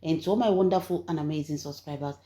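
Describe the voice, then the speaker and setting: A Nigerian woman hosting her own channel, telling gossip in an emphatic, preachy way that swings between loud and soft. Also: low voice, fast. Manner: emphatic, preachy, rising and falling in loudness. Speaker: channel host and gossip storyteller. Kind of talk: animated gossip commentary.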